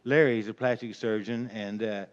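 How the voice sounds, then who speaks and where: A man's voice: on the low side, steady tone, normal speed, clear, resonant tone. An older man telling a folksy, rambling prank story in casual talk, chuckling as he goes, on a dull lo-fi recording. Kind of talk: casual spoken anecdote.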